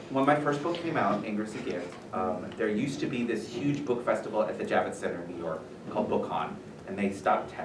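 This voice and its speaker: A man telling stories casually to a school audience as a visiting author, animated and self-deprecating with many fillers. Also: on the low side. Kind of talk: casual storytelling talk to students. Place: school room. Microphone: far room mic. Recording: echoey room from far off, noisy.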